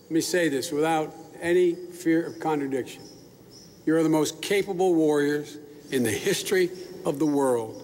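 Older man, public speech to troops, folksy and rambling, slightly high voice, echoey hall. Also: normal speed, darkish tone. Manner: folksy, rambling with asides and restarts. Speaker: speaker addressing troops. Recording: echoey large hall with faint noise.

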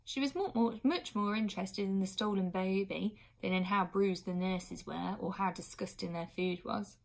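A woman reading a children's book aloud expressively, now and then pausing for an aside to her listeners. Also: medium pitch, vocal fry. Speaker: reader.

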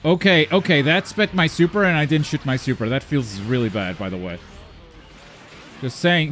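A man commentating his own online game as he plays, talking to himself, muttering asides and then yelping loudly when things go wrong. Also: a little high, moderate pace, faint music behind. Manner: excitable, swings from mumbled asides to loud yelps. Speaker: gaming YouTuber. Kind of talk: live gameplay commentary.

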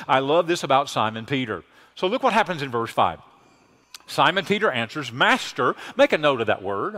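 A man preaching in a church with a high, lively voice that swings up and down. He slips into folksy, joking retellings, then climbs into fervent, near-shouted calls to the congregation. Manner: animated, building to shouted exhortation; folksy paraphrase with playful sarcasm. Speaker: pastor. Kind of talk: sermon. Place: church sanctuary.

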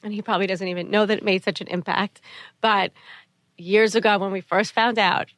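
A middle-aged woman talks as a podcast guest, soft-spoken and earnest. She repeats her key phrases for weight, at a middling pitch. The recording is dry and close. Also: fairly even intonation, a little fast, dry recording. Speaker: guest, mother of a sick child. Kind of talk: interview conversation.

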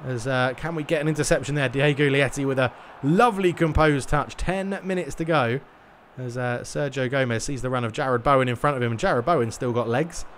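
A young man giving lively play-by-play of his own football video game match, often bursting into loud cheers. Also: mid-range voice, fairly quick, a little hiss or hum. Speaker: gaming YouTuber.

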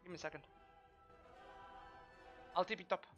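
A man streaming a game with casual, profane commentary, trash-talking and shouting during fights. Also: high-pitched, steady tone, dull audio, music in the background. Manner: brash, profane, quick to trash-talk. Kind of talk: live gameplay commentary.

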